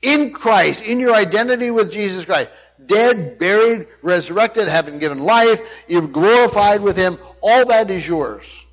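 Delivering a sermon, a male pastor speaks with a high-pitched, expressive voice that is a little slow and slightly bright. He hammers his points home through repetition and keeps checking on his audience. The audio is dull and lo-fi.

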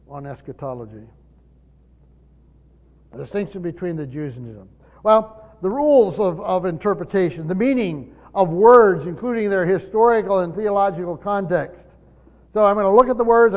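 A pastor teaching a congregation in a church, speaking emphatically and firing off rhetorical questions. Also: male voice, sits high. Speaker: pastor teaching Bible study. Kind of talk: teaching sermon. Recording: dull lo-fi recording with long hall reverb.

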